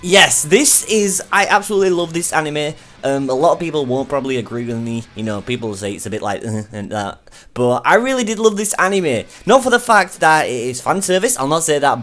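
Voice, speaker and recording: A man's voice: a little high, lively intonation, fairly quick, fairly bright tone. A young man talks through an anime in a casual review. His delivery is chatty and eager, full of fillers and restarts. Faint music plays under his voice. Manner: chatty and enthusiastic, many fillers.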